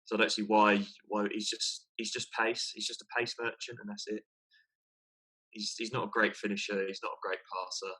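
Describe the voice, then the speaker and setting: Guy with a lowish bright voice, chatting football, stumbles over his words. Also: flat delivery, normal speed. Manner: hesitant, repeats words, self-mocking laughs. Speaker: podcast co-host. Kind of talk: casual football chat.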